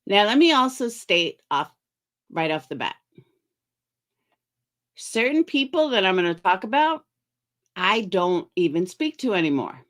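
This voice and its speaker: Chatty woman streamer, lively pitch. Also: measured pace, long pauses. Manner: chatty, greets viewers by name, sarcastic asides. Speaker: livestream commentary host. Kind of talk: casual livestream chat.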